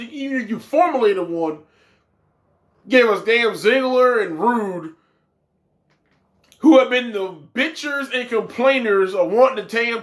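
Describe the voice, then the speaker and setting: A man's voice: sits high, a bit bright. A man reviewing a wrestling show, ranting with profane, exasperated commentary.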